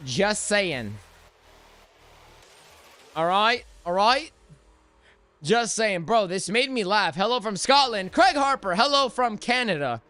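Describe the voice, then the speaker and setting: A man's voice: high voice, sing-song, slow, pauses often, bright, forceful tone, soft background music. A young man hosting a live trading stream, talking energetically and chatting with viewers.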